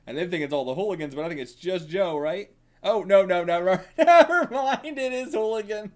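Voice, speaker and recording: A man's voice: sits high, normal speed. A man hosting a casual manga reaction, reading pages aloud and laughing often. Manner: giggly, excitable, often laughing.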